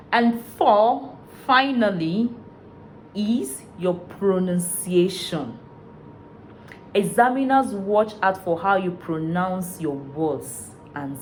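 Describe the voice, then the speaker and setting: Slow, deliberate woman teaching. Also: mid-range voice, a little hiss or hum. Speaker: IELTS tutor. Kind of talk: video lesson.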